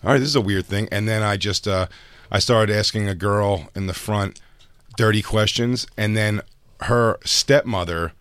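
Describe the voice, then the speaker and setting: A man's voice: lowish voice, normal speed, fairly bright tone, clear, resonant tone, no echo. A man hosting a casual chat, telling profane, rambling stories and restarting his sentences. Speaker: podcast host.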